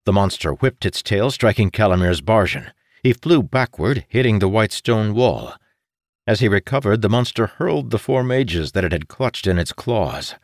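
A man reading a fantasy audiobook in a steady, measured scripted narration. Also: on the low side, dry recording, studio quality.

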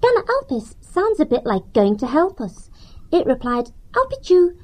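Man doing a young girl mouse in a storybook; high falsetto, lively melody. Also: normal speed, exaggerated voice, poor audio. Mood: earnest. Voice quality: high falsetto, sing-song. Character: bright young female mouse.

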